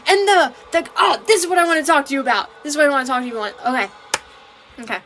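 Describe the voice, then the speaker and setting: A young woman co-hosting a casual chat, animated and laughing often, now and then slipping into mock voices. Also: high voice, rapid-fire.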